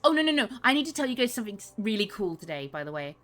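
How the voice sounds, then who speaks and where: A woman streaming a video game, chatting in a giggly, animated, storytelling way. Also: medium pitch, racing. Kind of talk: casual chat while playing and reading game dialogue. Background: faint game music.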